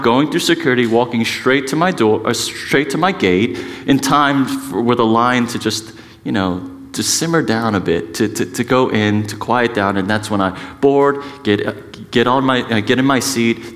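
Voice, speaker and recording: A middle-aged man preaching a sermon as a pastor, conversational and self-mocking, with lively emphasis and frequent asides. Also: mid-range voice, in a large hall. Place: church sanctuary.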